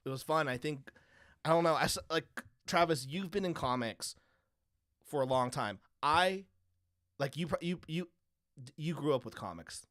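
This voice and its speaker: A man's voice: on the high side, lively intonation, normal speed, pauses often, fairly bright tone, dry recording, clean studio sound. A man hosting a casual comics talk show, rambling through stories and acting out other people's lines with frequent laughs. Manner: rambling, laughs often, acts out quotes. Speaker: podcast host. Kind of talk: casual chat.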